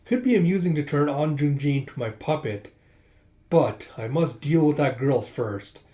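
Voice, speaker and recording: A man playing a shrill, melodramatic villain. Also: animated, moderate pace, mellow, natural voice. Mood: theatrical self-pity. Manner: wailing, theatrical, rising to shrieks. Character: melodramatic scheming male villain, shrill and self-pitying. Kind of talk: casual manga readthrough with voiced lines.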